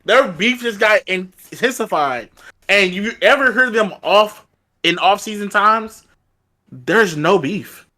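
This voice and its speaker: A man's voice: high voice, expressive, takes it slowly, pushed and bright. A man co-hosting a sports podcast, talking loosely and casually, peppering his points with "like" and "bro". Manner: loose and conversational, leans on "like" and "bro". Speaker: podcast co-host.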